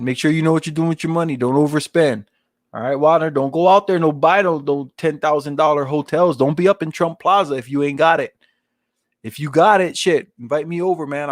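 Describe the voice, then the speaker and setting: A man's voice: a little high, dry recording, studio quality. A man in his forties hosting his channel, giving casual rambling advice in street slang and often asking "you know what I'm saying". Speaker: channel host.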